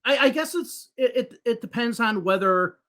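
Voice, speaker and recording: A man's voice: extremely high pitch, lively intonation, moderate pace, fairly bright tone. A man who is a native English speaker and works as an English teacher, patiently explaining grammar with spoken examples in a podcast conversation.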